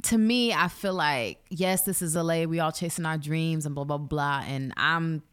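A woman's voice: low-pitched, moderate pace, fairly bright tone, clear, resonant tone. A woman in her thirties, a guest on a casual podcast chat, talking emphatically and climbing to shrieks of disbelief. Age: 30s.

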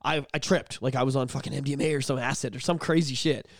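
A man co-hosting a podcast, talking candidly and swearing a lot, sometimes bursting into loud shouted bits. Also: mid-range voice, fairly even intonation, fast, no room sound, clean studio sound. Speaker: podcast co-host. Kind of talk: candid casual chat.

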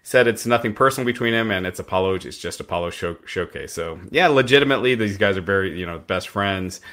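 Male host, deep voice, casual rambling recap. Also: expressive, quick pace, fairly bright tone. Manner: rambling recap with fillers and restarts. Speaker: podcast host recapping wrestling.

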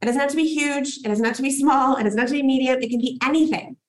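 A young woman coaching a group with a slightly high voice, bursting with enthusiasm. She cheers people on and swears casually, hyped and upbeat throughout. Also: fast talker, low-quality recording. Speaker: podcast coach and host. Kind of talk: live workshop hosting.

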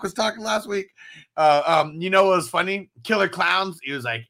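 A man's voice: a little high, fairly quick, sharp tone. A man hosting a casual morning podcast chat, rambling, swearing and laughing often. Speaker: show host.

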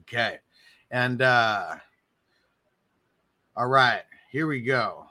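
A man hosting a casual live stream, answering viewers and giving hyped shout-outs. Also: medium pitch, animated, drawn-out words. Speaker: livestream host.

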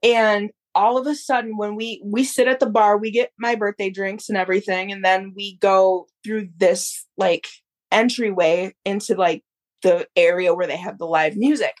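A woman in her thirties, a podcast guest, telling a story in a casual, animated way. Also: mid-range voice, normal speed. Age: 30s. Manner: animated, acts out others' voices in quotes.

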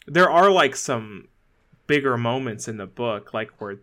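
A chatty man co-hosting a podcast, his voice bright and forward. He talks loosely, full of fillers and restarts, and laughs easily as he goes. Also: medium pitch, lively intonation, measured pace. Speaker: podcast co-host. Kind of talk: casual chat.

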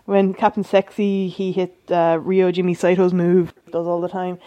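A woman's voice: on the low side, little pitch movement, moderate pace, mellow, dry recording. A woman co-hosting a podcast, chatting casually about wrestling with a wry, self-deprecating bluntness. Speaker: podcast co-host. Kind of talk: casual chat reviewing a wrestling show.

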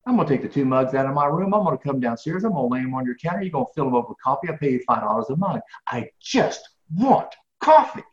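A man telling a story in a podcast interview, acting out each exchange with a lively, swinging pitch. His voice sits in a roomy space. The sound is slightly dull and lo-fi. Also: rapid-fire, hardly any pauses. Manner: animated, acts out dialogue. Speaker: guest speaker.

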